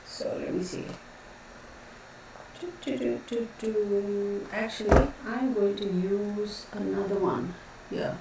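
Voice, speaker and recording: A woman's voice: on the high side, a little mellow. Rambling woman in an echoey room. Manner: chatty, rambling, greets viewers by name. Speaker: tarot reader hosting a live stream. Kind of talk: casual live-stream chat. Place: home room with a fan running. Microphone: distant mic, noticeable echo. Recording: very echoey room, voice far from mic, faint fan noise.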